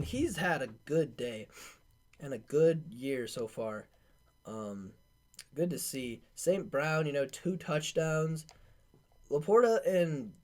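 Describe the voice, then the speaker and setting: A man's voice: fairly high pitch, a little mellow. Casual man rattling off football stats. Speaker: podcast host. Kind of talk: casual sports recap.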